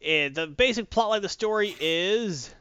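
A man casually recapping a movie plot as a reviewer, telling it with animated storytelling. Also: high-pitched, moderate pace, smooth, no room sound. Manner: animated storytelling with acted quotes. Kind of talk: casual chat. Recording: dull lo-fi dry recording.

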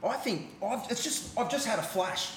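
Playful man, lively higher voice. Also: moderate pace. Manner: playful, teasing jokes. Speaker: podcast co-host. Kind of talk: casual podcast banter. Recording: roomy studio with faint noise.

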